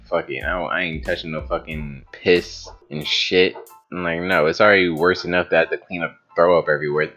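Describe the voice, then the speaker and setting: A man's voice: sits low, steady tone, brisk, bright, forceful tone, highs cut off, faint music behind. A young man telling a story to camera in a casual, rambling way, swearing often and filling his talk with "like.". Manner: rambling, profane, with frequent "like" fillers and laughs.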